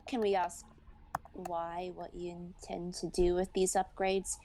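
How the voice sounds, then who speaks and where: A woman's voice: fairly low pitch, little pitch movement, a little slow, background noise. A woman playing a tabletop game, polite and speaking in character. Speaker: player. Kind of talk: casual tabletop role-play.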